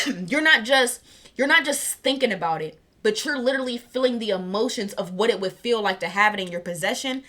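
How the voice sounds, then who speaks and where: A woman giving a casual spiritual reading, chatty and excited, tripping over her words, with a scratchy throat. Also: a little high, a little fast. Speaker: tarot reader. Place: warm room at home.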